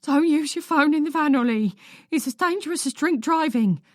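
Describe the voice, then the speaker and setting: A woman's voice: high voice, expressive, moderate pace, a bit bright, no echo, clean studio sound, voice pushed up. A woman reading a flustered mother in her sixties with a wobbly, gabbling voice. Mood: worried.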